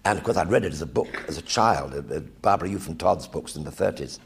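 An older English man telling lively anecdotes about his acting career in a one-man stage show, acting out the colleagues he quotes. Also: low voice, fast, vocal fry, slight background noise. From England.

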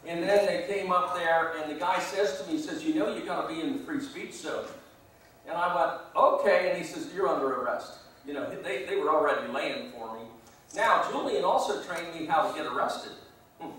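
A man's voice: fairly high pitch, a little fast, a bit bright. A man, a guest speaker at a meeting, telling a long rambling anecdote and chuckling at his own story. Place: meeting hall. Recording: echoey room from far off.

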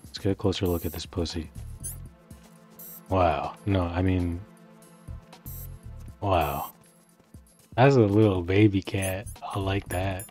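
A young man casually commentating his video game playthrough, swearing freely, laughing often and bursting into excited outbursts. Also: low voice, measured pace, pauses often, faint music behind. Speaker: gaming streamer. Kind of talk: casual let's play commentary.

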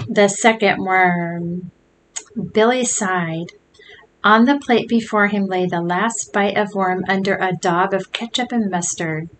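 A woman reading a children's chapter book aloud in an expressive storytelling manner. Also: medium pitch, takes it slowly, slight background noise, poor audio.

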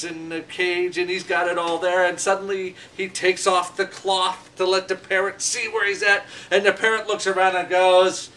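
Middle-aged male host, rambling joke teller, bright tone, recorded from a distance. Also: high voice, slight background noise. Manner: rambling with many "you know" fillers. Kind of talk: casual joke telling. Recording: voice from far off the mic.

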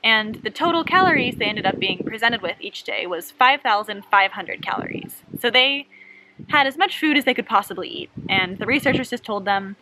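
A woman researcher casually explaining a scientific study, talking quickly and enthusiastically while lying in a hammock outdoors. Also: on the high side, very noisy. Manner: fast talker, animated and enthusiastic.

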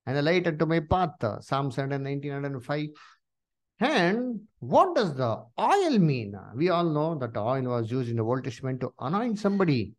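A man teaching a Bible study, asking his listeners questions and filling pauses with "uh" and "you see.". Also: on the high side.

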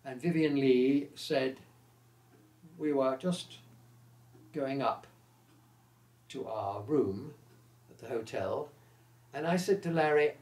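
Elderly male raconteur in his eighties, mid-pitched, lively, recorded in a roomy echo. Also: takes it slowly, long pauses. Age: 80s. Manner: lively raconteur who acts out the quoted voices. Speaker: interviewee recalling his career. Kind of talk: anecdotal storytelling.

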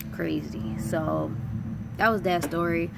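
A woman's voice: on the low side, fairly even intonation, slow pace, vocal fry, very noisy. A young woman vlogger telling a story in a blunt, frustrated rant full of swearing.

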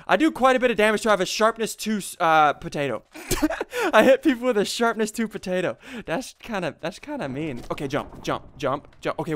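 Hyper, high-pitched young man gaming. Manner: hyper, shouty, giggly, swings between mutters and yells. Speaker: gaming YouTuber. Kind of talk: excited Minecraft commentary.

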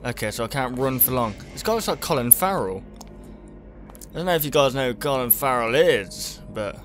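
A young gaming YouTuber plays a horror game on a headset mic, commenting and talking to himself as he gets easily startled. His medium-pitched voice is animated and moves at a normal speed, with soft music in the background.

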